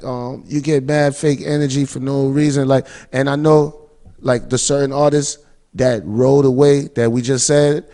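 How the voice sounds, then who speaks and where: A man's voice: medium pitch, mellow. A man guest on a hip hop podcast, talking in street slang and telling stories with lots of "word" and "yo". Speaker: rapper guest. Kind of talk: casual interview chat.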